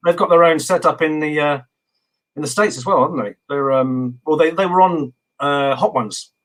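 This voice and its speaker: A man from England as a guest in a casual video interview, relaxed and rambling with many fillers. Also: on the high side, normal speed, poor audio.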